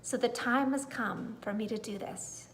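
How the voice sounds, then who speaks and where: A woman voicing a tiny, kind old female moon spirit in a storybook, speaking softly with a hushed, gently commanding manner. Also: a little high, moderate pace, slight background noise.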